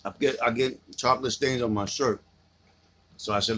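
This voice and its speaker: Male vlogger, husky mid-pitched voice, playful slang, flirty low asides to his cereal. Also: steady tone, normal speed, a bit bright. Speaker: vlogger eating cereal on camera. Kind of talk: casual mukbang vlog.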